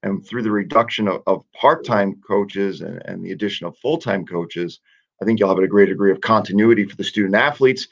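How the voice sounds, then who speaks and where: A man with a low, gravelly voice talks with a coach's casual ease, joking about himself and restarting his phrases. His voice comes through a dull, muffled line. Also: a little fast. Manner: self-mocking, restarts often. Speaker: soccer coach. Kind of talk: casual radio interview.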